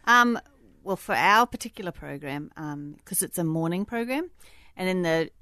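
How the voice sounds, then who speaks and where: Brief: New woman teacher, slightly low voice, lively, dry close sound. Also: moderate pace, dry recording. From New Zealand. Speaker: kindergarten teacher. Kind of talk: casual radio interview.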